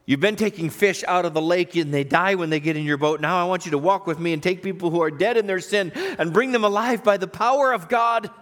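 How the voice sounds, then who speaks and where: Preacher, male, slightly high voice, lively storytelling sermon. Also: fairly quick, few pauses. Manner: animated storytelling, acting out quoted voices. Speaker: pastor.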